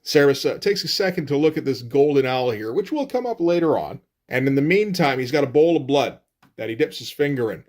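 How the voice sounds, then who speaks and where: A man's voice: medium pitch, sing-song, a little fast, a little mellow. A man reviewing comic books in casual, profane commentary, with frequent "uh"s and "like"s. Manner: casual and profane, often says "uh" and "like".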